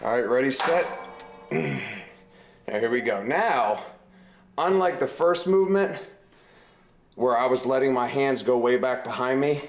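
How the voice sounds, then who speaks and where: In his home gym, a male fitness trainer coaches a workout while lifting, counting reps and giving form cues, audibly out of breath. His mid-range voice has lively intonation, a measured pace, and long pauses, with roomy echo and music behind him.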